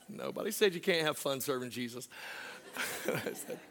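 Storytelling male pastor, loud then hushed. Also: fairly high pitch. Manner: storytelling, swings from loud and laughing to hushed and slow. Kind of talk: sermon with personal story.

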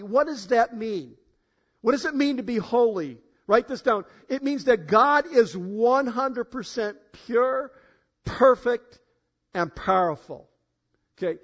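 A high-pitched male pastor preaches to his congregation, booming on key phrases and then dropping to low, intimate asides. He talks straight to the people in the room. The recording is dull and lo-fi. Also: animated, measured pace. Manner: emphatic, swings between loud declarations and low asides; addresses congregation directly, asks for show of hands. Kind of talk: sermon. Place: church in front of a congregation. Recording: dull, lo-fi sound.

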